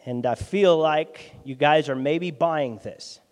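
A male pastor preaching a sermon in a lively, conversational way, his loudness swinging from soft asides to sudden bursts. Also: fairly high pitch, takes it slowly. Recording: long hall reverb.

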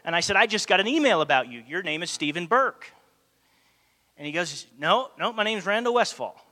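A man's high voice moves a little fast through a sermon, carried by long hall reverb. Telling a story with plenty of energy, he acts out what the characters say.

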